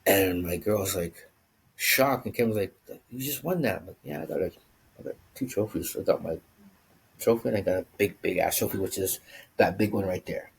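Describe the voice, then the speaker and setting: A man with a somewhat low, husky voice tells a personal story straight to his viewers. He keeps it casual and animated, slipping into the voices of the people he quotes. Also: a little fast. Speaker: vlogger.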